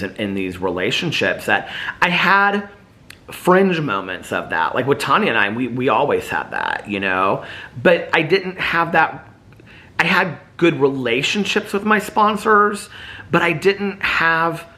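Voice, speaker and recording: A man's voice: on the low side, sharp tone. A man vlogger in casual, reflective chat, rambling with lots of "like" and "you know".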